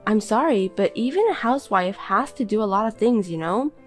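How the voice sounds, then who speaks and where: A woman's voice: medium pitch, lively intonation, brisk, faint music behind, pitched above the performer's own voice, lightly acted. Defensive tired housewife, raised voice of a woman reader, pleading. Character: tired, hurt young housewife. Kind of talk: reading a text-message story.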